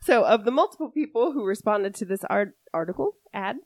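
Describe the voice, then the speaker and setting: A woman co-hosting a casual true-crime podcast, telling the story in an animated way and often laughing. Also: mid-range voice, fairly quick, dry recording. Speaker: podcast co-host.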